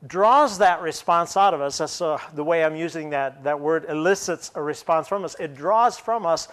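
A man pastor giving a sermon in a conversational preaching style, slowing down and stressing key words, with frequent fillers and restarts. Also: on the high side, fairly bright tone.

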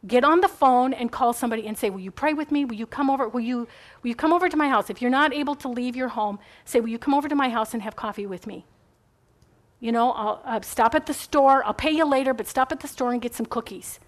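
A woman's voice: fairly high pitch, quick pace. A middle-aged woman giving a chatty, rambling faith talk to a group, encouraging and full of asides.

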